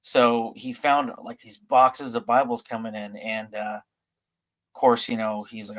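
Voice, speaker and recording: A man's voice: medium pitch, steady tone, a little slow, fairly bright tone. Rambling man telling a story. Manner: rambling, filler-heavy retelling. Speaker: podcast host. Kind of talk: casual storytelling.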